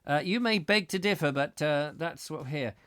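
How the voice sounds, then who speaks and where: A man's voice: a little high, normal speed, a bit bright, no room sound. A middle-aged man hosting a live comic chat show, reading out viewer comments with playful, rambling jokey asides.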